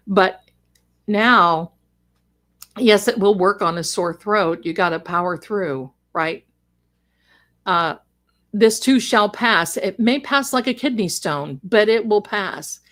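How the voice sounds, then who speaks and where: A woman's voice: medium pitch, takes it slowly, long pauses, a bit bright. A middle-aged woman who grew up in Germany, chatting casually and rambling as she answers viewers during a livestream. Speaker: livestream host.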